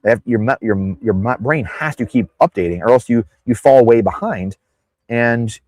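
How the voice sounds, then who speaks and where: Speaking at normal speed with a mid-range, darkish tone, a man appears as a podcast guest in loose interview talk. He goes off on tangents and voices quoted people in an over-the-top way, with no echo in the audio.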